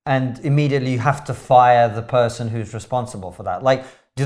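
A man, a podcast guest, talking earnestly in casual chat, halting and restarting his sentences. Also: medium pitch, darkish tone.

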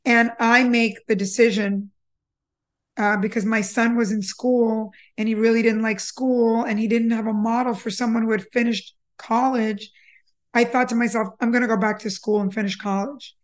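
Middle-aged woman, kinda high voice, earnest motivational storytelling, repeats herself a lot. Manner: earnest, repeats words while gathering thoughts. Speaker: podcast host.

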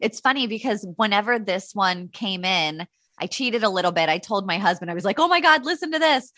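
Giggly, lively woman with a dry sound. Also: mid-range voice, a little fast, no echo. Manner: giggly, lively, acts out quotes. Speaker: podcast co-host. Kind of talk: casual chat, reading listener secrets.

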